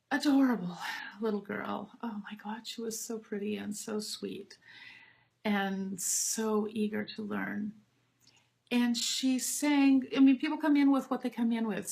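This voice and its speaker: A middle-aged woman, a voice teacher, talks about teaching kids in an enthusiastic, expressive way, dropping to soft asides. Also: medium pitch, vocal fry. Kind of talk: casual spoken talk on teaching.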